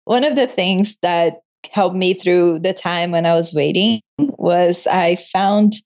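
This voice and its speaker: A young woman talks with a guest's openness, her telling emotional and full of quick laughter. The sound is a little dull and lo-fi, like a modest home setup. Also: fairly low pitch. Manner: laughs often, emotional and animated. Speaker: interview guest, medical student. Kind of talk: casual interview storytelling.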